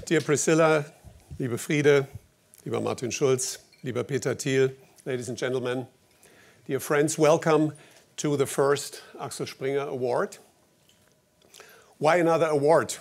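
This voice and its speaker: A German man with a German accent opens an award ceremony with a formal speech, delivered wryly and anecdotally with slightly halting phrasing. His pitch is medium and his tone steady, with some vocal fry.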